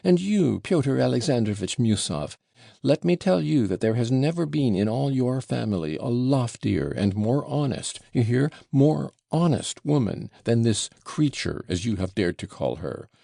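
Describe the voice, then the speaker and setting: A man voicing a shrill, blustering old male buffoon who yells and splutters breathlessly. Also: very animated, measured pace, gravelly, no echo, studio quality, exaggerated voice. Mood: ranting.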